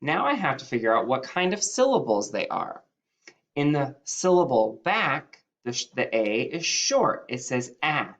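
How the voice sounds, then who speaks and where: Male first-grade teacher, patient and unhurried, lively pitch when sounding out words. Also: muffled recording. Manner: sounds out letters and stretches key words upward. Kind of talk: slow, patient phonics lesson.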